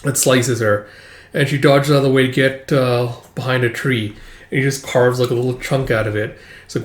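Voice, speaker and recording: A man's voice: mid-range voice, steady tone, normal speed. Rambling man recapping a manga. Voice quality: rambling, swears, lots of likes and uhs. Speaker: manga reader and commentator. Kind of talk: casual chat recapping a manga. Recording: roomy echo.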